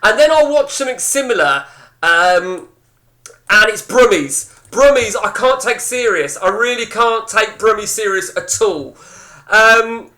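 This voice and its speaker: Bloke with a high bright voice ranting to his stream chat, sweary, rambles on. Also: animated, measured pace. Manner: rambling, blunt and heavily sweary. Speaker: game streamer chatting with viewers. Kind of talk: casual live-stream banter. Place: indoors at home.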